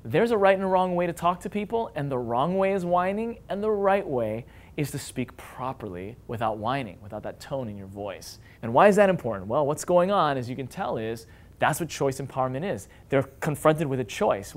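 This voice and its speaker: A man in his thirties, a father and parenting vlogger, talking casually to camera and now and then mimicking his whiny kids in a high voice. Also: sing-song, normal speed. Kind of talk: casual advice talk to camera.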